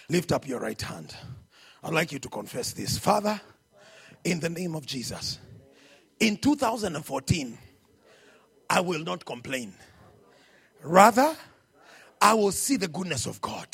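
A male pastor preaching a sermon, shouting his exclamations and throwing questions at the congregation. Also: fairly high pitch, sing-song, unhurried, gravelly, long pauses, slightly rough.

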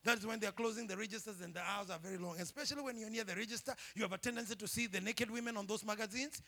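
A man preaching a sermon as pastor, animated and humorous, often shouting and laughing. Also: sits high, very fast. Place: church.

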